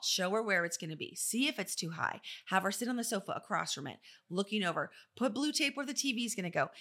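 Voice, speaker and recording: A middle-aged woman, an interior designer and business owner, telling stories and giving advice in a chatty, animated way, often acting out what people said. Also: medium pitch. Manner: chatty, animated storytelling with quoted voices. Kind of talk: casual advice talk.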